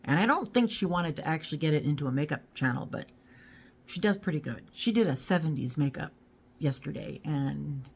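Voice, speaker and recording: A middle-aged woman with a low-pitched voice chats casually to her viewers. She rambles from one thought to the next in an easygoing way. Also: lively intonation, a little fast, vocal fry, husky. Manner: rambling and chatty, talks to her dog. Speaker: YouTube haul vlogger. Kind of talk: casual chat to camera.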